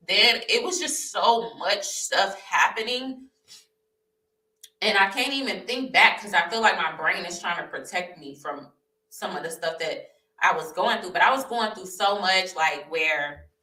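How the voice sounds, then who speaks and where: A young woman vlogging her personal testimony, telling the story candidly and animatedly, repeating herself and laughing. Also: lowish voice. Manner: animated, repetitive, laughing as she recounts. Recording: roomy echo, voice a bit far from the mic.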